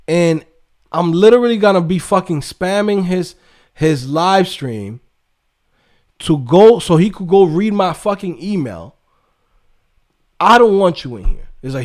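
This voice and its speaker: Man, high voice, livestream host, casual profane rant, animated, mocking impressions. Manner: animated, swears constantly, acts out people in quick mocking voices. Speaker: livestream host and coding instructor.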